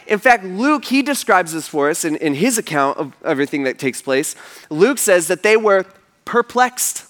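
A man's voice: sits high, expressive, moderate pace, fairly bright tone. A man preaching a sermon in a casual, conversational storytelling style, full of "like" and "you know". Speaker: pastor.

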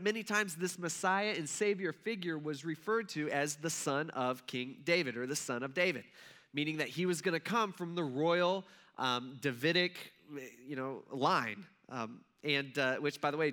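A man's voice: fairly high pitch, normal speed, bright, forceful tone. A man from Ohio giving a casual Bible lesson, chatty and checking in with his listeners. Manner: conversational, checks in with listeners, many fillers. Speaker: Bible teacher.

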